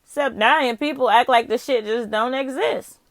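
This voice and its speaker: In a fairly high voice at a moderate pace, with no echo, a tarot reader talks directly to the viewer during a casual reading. She thinks out loud, swears freely, speaks candidly, and laughs frequently.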